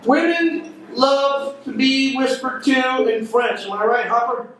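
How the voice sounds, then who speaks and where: A man performs stand-up in a comedy club and calls out audience members by name between jokes. His voice sits very high. It comes from far off the mic and booms around a roomy club over loud noise. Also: fairly even intonation, a little slow. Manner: crowd work, addressing audience members by name.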